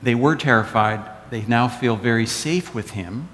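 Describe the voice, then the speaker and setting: A man's voice: mid-range voice, moderate pace, fairly bright tone, slight background noise. A man giving a sermon as pastor, telling stories with wry asides. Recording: echoey church hall.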